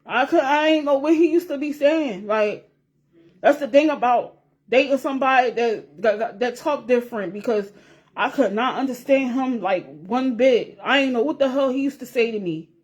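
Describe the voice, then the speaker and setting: A woman vlogger with a somewhat high voice talks straight to her viewers in a loose, casual chat. She rambles, circles back to repeat herself, swears freely and laughs as she talks. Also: moderate pace, breathy edge.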